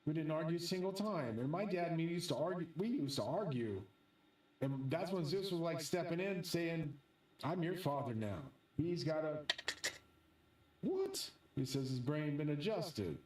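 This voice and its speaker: Brief: excitable, swearing male host, fairly high voice, rambling monologue, roomy echo, set back from the mic. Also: normal speed, far from the mic. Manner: profane, excitable storytelling. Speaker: channel host.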